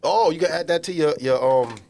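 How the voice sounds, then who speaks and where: Fairly high-pitched and brisk with vocal fry, a podcast co-host tells comic stories over a loud crowd from a small studio. He's animated, slangy and emphatic in casual chat.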